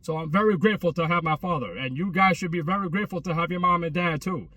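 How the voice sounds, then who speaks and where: A man talks in a loose, repetitive vlog style, full of slang and false starts. His voice is bright and husky. It sits a little back from the mic, with no echo around it. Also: fairly high pitch, fast talker, distant mic. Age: 30s. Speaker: travel vlogger. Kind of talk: rambling casual chat. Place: outdoors by a closed restaurant at a mall.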